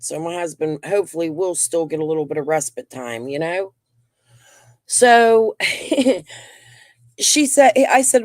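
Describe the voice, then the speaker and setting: A middle-aged woman and grandmother hosting a casual livestream, venting and telling stories in an animated way while getting over a lung infection. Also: fairly low pitch, unhurried, pauses often, no room sound, clean studio sound. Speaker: livestream host.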